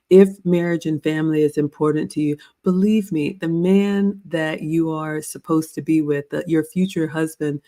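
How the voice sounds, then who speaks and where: A woman's voice: deep voice, a little mellow. A woman hosting a casual advice chat on etiquette, talking conversationally and addressing her listeners as ladies. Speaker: host.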